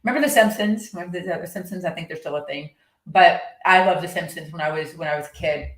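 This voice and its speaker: A woman talks through coaching ideas in a loose, rambling way, restarting sentences as she goes. Her voice sits on the low side. The room around her is echoey. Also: fast. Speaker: horse-based coach. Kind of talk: casual monologue.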